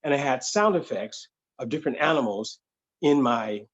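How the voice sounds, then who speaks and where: A man telling a funny true story to an audience, animated and conversational, slipping into voices. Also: mid-range voice, moderate pace, muffled recording. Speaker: solo performer and storyteller. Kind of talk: comedic live-streamed storytelling.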